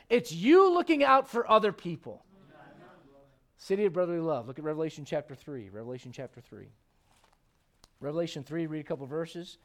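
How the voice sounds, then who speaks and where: A high-pitched male pastor preaches in a church sanctuary. He keeps tossing rhetorical questions to the congregation and checks they are following along. The delivery is a lively sermon. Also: brisk.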